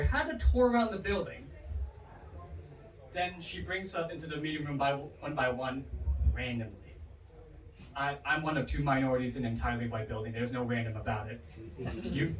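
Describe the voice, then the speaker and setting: A man doing a stand-up comedy set at a bar comedy night, animated and swinging his pitch hard for punchlines. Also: a little hiss or hum. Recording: roomy, distant bar recording with audience. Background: crowd laughter.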